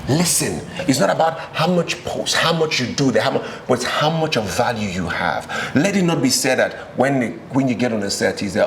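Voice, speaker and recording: A man from Nigeria, an actor being interviewed, telling stories in a relaxed chat and acting out the people he quotes. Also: mid-range voice, fairly quick, hardly any pauses, slight background noise. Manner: animated storyteller, acts out quoted voices.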